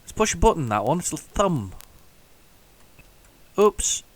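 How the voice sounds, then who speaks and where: A man hosting a retro gaming channel, rambling through casual gameplay commentary, thinking aloud with many restarts and bursts of excitement. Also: fairly high pitch, a little slow. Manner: excitable bursts over the game.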